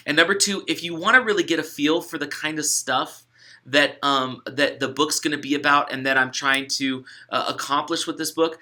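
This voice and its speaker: With a medium-pitched voice that sounds pushed and bright, a young adult male author chats in an upbeat way in an instructional video. He explains a gratitude study to participants, with fillers and restarts.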